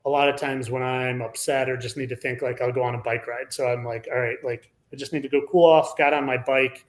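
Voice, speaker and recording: Rambling man in his forties, mid-pitched. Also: steady tone, fairly quick. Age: 40s. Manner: rambling, heavy on "like" fillers. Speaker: podcast guest. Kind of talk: casual storytelling.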